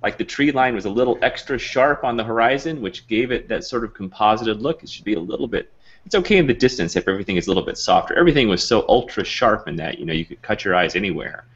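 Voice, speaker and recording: A man's voice: fairly low pitch, animated, quick pace, lo-fi sound. A man hosting an online show, talking casually and rambling with lots of fillers. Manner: rambling, chatty, many fillers. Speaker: host. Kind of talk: casual video call chat.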